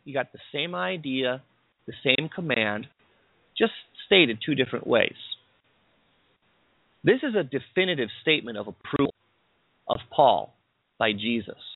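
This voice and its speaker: A man's voice: mid-range voice, animated, moderate pace, no room sound. A man preaching a sermon, explaining scripture and asking his listeners rhetorical questions. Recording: dry, tinny phone-like sound.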